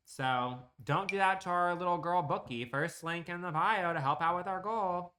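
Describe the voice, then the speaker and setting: A man's voice: sits high, normal speed, hardly any pauses, sharp tone. A man casually chatting on a live stream while he plays a building game, teasing and swearing freely at home.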